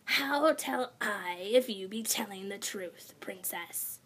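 Woman doing a slow hissing bridge troll. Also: mid-range voice, lively intonation, fairly bright tone, slightly rough, exaggerated voice. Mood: menacing. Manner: slow, broken grammar, hissing and growling. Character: menacing male bridge troll, thin and ugly.

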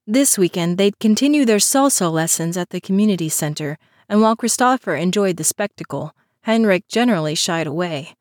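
Woman, storybook narration, even, dry close sound. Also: lowish voice, a little fast, hardly any pauses, no echo. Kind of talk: scripted narration.

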